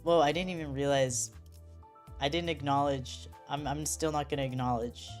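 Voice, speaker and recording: Low-voiced woman streamer reading aloud. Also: fairly even intonation, moderate pace, a little mellow, soft background music. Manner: reads lines aloud, attempts character voices. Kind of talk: casual chat while reading game text aloud.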